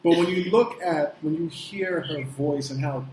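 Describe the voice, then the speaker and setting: A man co-hosting a casual pop-culture chat, speaking in a reflective, measured way and searching for his words. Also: on the high side, reverberant, background noise. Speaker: co-host, interviewer.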